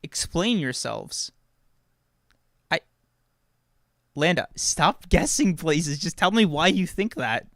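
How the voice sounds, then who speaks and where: Gravelly dude on a podcast mic, dry close sound, swears a lot, keeps stammering and repeating himself. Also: male voice, on the high side, very animated, slow pace, pauses often, a bit bright, dry recording. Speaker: podcast co-host. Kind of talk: casual chat reacting to live chat.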